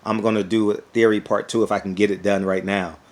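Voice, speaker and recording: Male YouTube commentator, fairly low voice, animated, rambling, repeats himself. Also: brisk. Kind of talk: casual opinion vlog.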